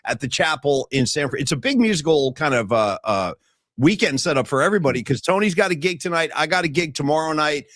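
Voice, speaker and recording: Man, sports podcast co-host, animated casual chat, higher-pitched, dry close-miked sound. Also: dry recording. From San Francisco Bay Area. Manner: animated, laughing, quick asides.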